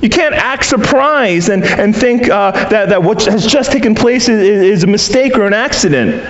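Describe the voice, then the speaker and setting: A man with a high voice preaches a sermon in an earnest, questioning way, often acting out short imagined exchanges. The sound is roomy and echoing, a little dull and muffled. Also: animated, normal speed. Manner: earnest preaching with rhetorical questions and quoted asides. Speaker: pastor.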